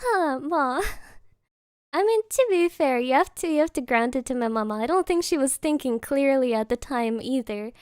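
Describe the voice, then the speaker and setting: A woman's voice: sits high, lively intonation, normal speed, a little mellow, dry recording, clean studio sound. A young woman VTuber streamer from Germany, telling a story in casual chat, giggling mid-sentence and dropping Japanese interjections.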